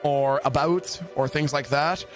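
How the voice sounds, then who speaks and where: A man's voice: medium pitch, measured pace, soft background music. A young Canadian man with a Canadian accent, streaming a game from his basement office and chatting casually, joking and swearing. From Canada, Greater Toronto Area. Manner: joking, profane, teasing. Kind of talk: casual livestream chat.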